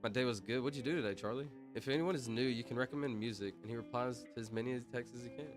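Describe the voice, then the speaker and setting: A young man livestreaming, chatting loosely with his chat, reading out names and laughing loudly. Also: medium pitch, fast talker, faint music behind. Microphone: headset mic.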